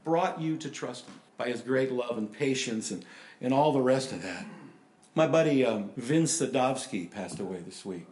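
A middle-aged man preaching a sermon, telling stories and swinging between loud animated bursts and hushed, earnest passages. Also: mid-range voice. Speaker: pastor. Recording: roomy, echoey hall.

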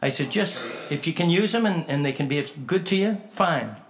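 A man preaching a sermon in a folksy, animated storytelling way, acting out conversations as he tells them. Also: fairly high pitch, moderate pace, slight background noise. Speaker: pastor.

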